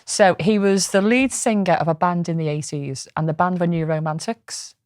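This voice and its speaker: A woman's voice: fairly low pitch, moderate pace, a little mellow, dry recording, studio quality. A woman co-hosting a podcast in casual, rambling chat, swearing freely. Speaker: podcast co-host.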